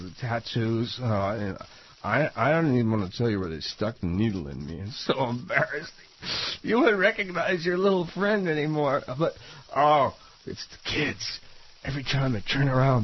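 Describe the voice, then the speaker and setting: A man's voice: mid-range voice, husky, highs cut off. A man voicing a drunk, self-pitying male movie star rambling into an answering machine, as a radio comedy impression. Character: drunk, whiny male movie star on late-night call.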